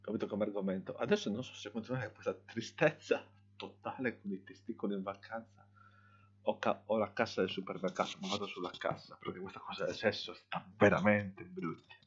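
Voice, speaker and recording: A man with a husky voice giving dismissive, deflated commentary on clips. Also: on the low side, fairly even intonation, quick pace, muffled recording.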